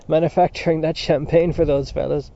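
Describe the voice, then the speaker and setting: A man's voice: on the high side, steady tone, a little fast, gravelly, mellow. A man voicing an older male friend who laughs and coughs as he talks, on a dull lo-fi recording. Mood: amused. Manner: amused, wheezy delivery.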